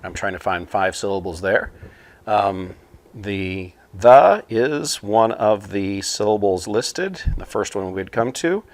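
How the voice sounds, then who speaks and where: A man teaching computing, talking a class through a problem at a whiteboard in a relaxed, explanatory way with frequent fillers. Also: low voice. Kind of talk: casual whiteboard lesson explanation. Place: small room at a whiteboard.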